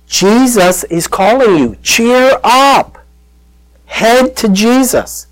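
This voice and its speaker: Slow, high-voiced man preaching a sermon. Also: poor audio. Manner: storytelling, acts out quoted voices, calls out to listeners. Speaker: pastor.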